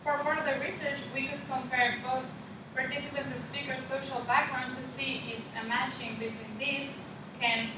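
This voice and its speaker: Rehearsing for class, a young woman reads figures and lists methodically in a high voice, keeping a level tone at a moderate pace. The audio comes from a distant mic in an echoey room with background noise.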